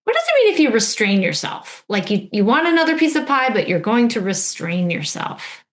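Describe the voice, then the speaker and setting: Animated woman teaching a lesson. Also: fairly high pitch. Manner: patient, slow model-and-repeat teaching with prompts. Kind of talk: instructional video lesson.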